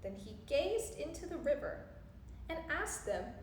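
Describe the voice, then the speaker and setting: A woman reading a rhyming picture book aloud in an expressive, sing-song way. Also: high voice, unhurried. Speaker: storyteller. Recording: roomy echo, faint background noise.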